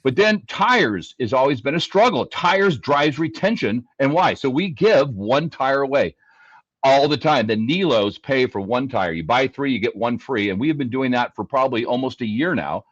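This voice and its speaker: A man's voice: medium pitch, expressive, moderate pace, dry recording, lo-fi sound. A man on a panel discussion, a dealership service leader explaining his goals with emphatic repetition. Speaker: dealership fixed ops leader.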